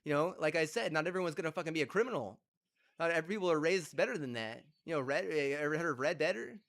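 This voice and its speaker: A man's voice: on the high side, lively intonation, fast talker, a bit bright. A man streaming a game, ranting heatedly and profanely, with repeated rhetorical questions. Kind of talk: ranting chat while gaming.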